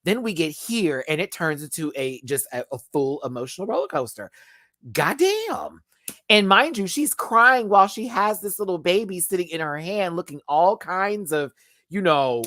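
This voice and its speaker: A man giving a casual live review of a reality show, expressive and profane, swinging between emotional and giggly. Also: fairly high pitch, no room sound, studio quality.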